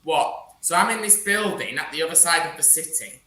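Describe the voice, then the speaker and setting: A man's voice: on the high side, lively intonation, a little fast, sharp tone, echoey room. A man telling a rambling story in casual chat, acting out dialogue. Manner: rambling, acts out police dialogue.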